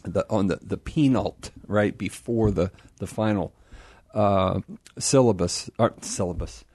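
Animated male radio guest explaining. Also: lowish voice, slow, no echo. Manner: animated, explanatory, laughs at himself. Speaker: guest, apologist.

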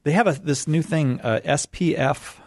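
A man's voice: fairly high pitch, normal speed, dry recording, studio quality. A man hosting a call-in radio show, bantering with his guest in a playful, joking way. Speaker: radio host.

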